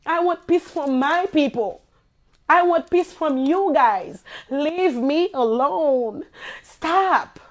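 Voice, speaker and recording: A woman with a Haitian accent speaks in a high, pleading voice, distraught and close to tears. She talks in an impassioned personal monologue and circles back to the same words again and again. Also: slow pace. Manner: pleading, impassioned, repeating herself. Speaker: singer.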